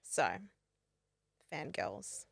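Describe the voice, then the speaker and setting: A woman hosting a casual interview, playful and quick to laugh along with her guest. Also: a bit bright, dry recording, studio quality. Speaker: interview host.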